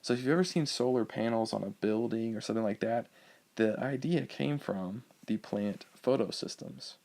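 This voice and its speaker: A male biology teacher giving a recorded lecture over slides, explaining in a relaxed way with frequent ums and uhs. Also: lowish voice, moderate pace, gravelly.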